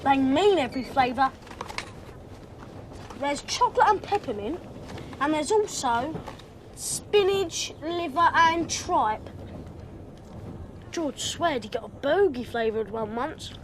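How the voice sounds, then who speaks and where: A high, slow voice playing a hesitant boy on a train in a film clip. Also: animated. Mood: eager. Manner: hesitant, mumbled. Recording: film clip with faint noise.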